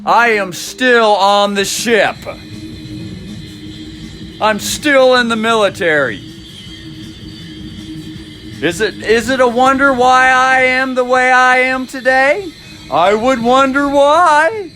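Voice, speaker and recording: A man's voice: extremely high pitch, takes it slowly, long pauses, pushed and bright, soft background music. A man in his fifties, a navy veteran, talking to camera in a rambling monologue, musing, repeating his phrases and chuckling to himself.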